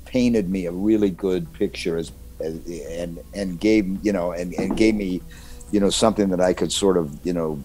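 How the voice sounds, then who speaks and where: A man's voice: deep voice, steady tone, normal speed, dark tone, faint music behind. An older man, a guest voice actor in a casual interview, talking reflectively with chuckles and many restarts.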